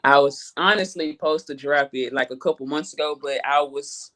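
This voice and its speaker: A woman's voice: deep voice, normal speed, a bit bright, a little hiss or hum. A woman rap artist from Houston with a Southern accent, talking in a laid-back, slangy way and swearing freely in a casual interview. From Houston, Texas.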